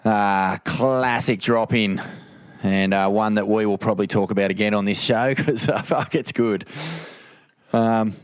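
A man's voice: lowish voice, unhurried, clean tone, dry recording. A man hosting a podcast in casual chat, laid-back and playful, swearing freely. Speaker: podcast host.

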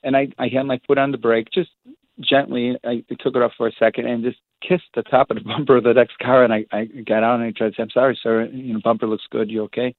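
A priest talks fast, piling up stories with restarts and animated asides. His voice comes through a thin, tinny phone line with no room sound at all. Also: mid-range voice, no echo. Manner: rambling, animated storytelling with restarts. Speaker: priest, guest. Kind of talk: casual storytelling on a phone-in show.

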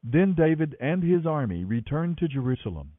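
A man narrates scripture in an animated, expressive reading style. His voice sits a touch high and moves widely in pitch. The sound is thin and phone-like, with a dry, close feel. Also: moderate pace, no room sound. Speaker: Bible reader, podcast host. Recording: tinny phone-like audio, dry.

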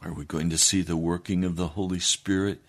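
A man preaching a sermon, swinging between loud declarations and hushed, low passages. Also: fairly even intonation, a little fast.

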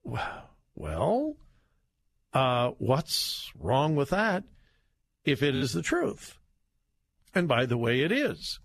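Guy hosting a talk show, emphatic and chatty, slow delivery, dry close sound. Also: mid-range voice, huge pitch swings, creaky, dry recording. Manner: emphatic, conversational, reacting to headlines. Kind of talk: political commentary.

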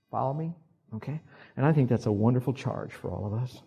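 Husky older man preaching a sermon. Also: medium pitch, fairly quick, highs cut off, faint music behind. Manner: animated, acts out quoted voices, asks the congregation to repeat. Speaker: pastor.

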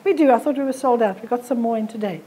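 Woman, high voice, blunt, forthright, live talk, handheld mic. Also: fast talker, dark tone, slight background noise. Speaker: health talk presenter. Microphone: handheld microphone.

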